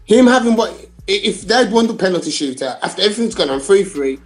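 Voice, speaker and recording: Emphatic high-voiced man full of slang. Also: lively intonation, quick pace, faint music behind. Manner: emphatic, repeats his points, London slang like "bruv" and "innit". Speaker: podcast co-host. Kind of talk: casual football chat.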